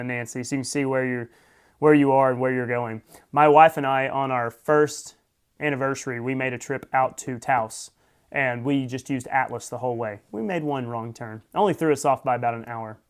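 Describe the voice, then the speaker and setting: A man's voice: medium pitch, clear, resonant tone. A man hosting a live morning stream, chatting casually, greeting viewers by name and adding wry asides. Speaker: host.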